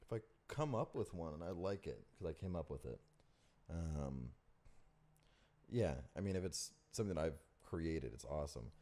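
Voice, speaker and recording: A man chatting casually as a podcast guest, relaxed and jokey, now and then slipping into silly voices. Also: very deep voice, moderate pace. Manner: laid-back, drops into silly voices. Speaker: guest voice actor.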